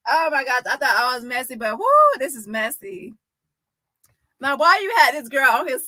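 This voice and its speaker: A woman talks through a clip in a lively reaction style, breaking into laughter and loud exclamations. Her voice is bright and sits a bit high. The sound is close and dry, with no room around it. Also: fairly quick, no echo. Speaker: reaction commentator. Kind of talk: casual reaction commentary.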